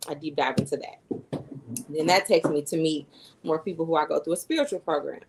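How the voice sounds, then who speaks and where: A woman's voice: deep voice, fairly quick, slightly rough, rough recording. A woman in her thirties, a guest coach, earnestly telling her personal story in an interview, with fillers and little self-quotes. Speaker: guest, human design coach and astrologer.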